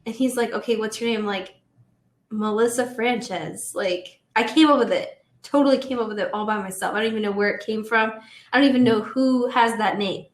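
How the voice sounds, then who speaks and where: Young woman guest, talky storyteller, slightly high voice, roomy echo. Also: quick pace. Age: 20s. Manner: animated, chatty, filler-heavy. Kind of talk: casual storytelling.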